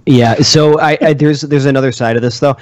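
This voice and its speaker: A man's voice: mid-range voice, fairly even intonation, brisk, no room sound. A man co-hosting a gaming podcast in casual chat, wry and teasing. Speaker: podcast co-host.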